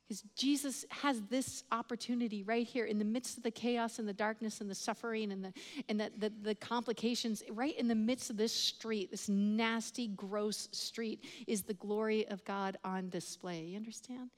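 A woman's voice: on the high side, fairly even intonation, normal speed. A woman preaching a sermon, telling stories with laughs and quoted voices and building to emphatic points. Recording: long hall reverb.

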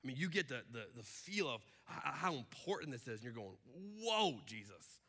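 A man preaching a sermon as pastor, animated and acting out the voices he quotes. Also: mid-range voice, brisk, creaky, slightly rough. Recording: long hall reverb.

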